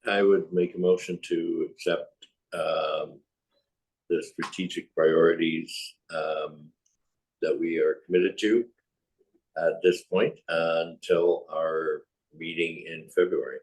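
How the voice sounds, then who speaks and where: Slow, deep-voiced man making a motion. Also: flat delivery, a little mellow, low-quality recording. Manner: slow, hesitant, with long ums. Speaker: councillor.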